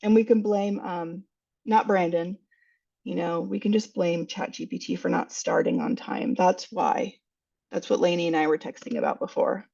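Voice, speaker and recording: A woman's voice: on the low side, steady tone, normal speed, gravelly, mellow, distant mic, highs cut off. A woman presenting and wrapping up a webinar, chatty and filler-heavy, with upbeat rising endings, heard over an online call. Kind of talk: casual webinar wrap-up.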